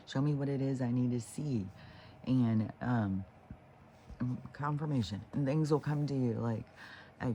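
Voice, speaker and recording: Gravelly, dark-toned man for a spiritual vlog, rambling and profane, full of fillers. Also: medium pitch, slight background noise. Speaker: spiritual vlogger. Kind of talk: casual rambling monologue.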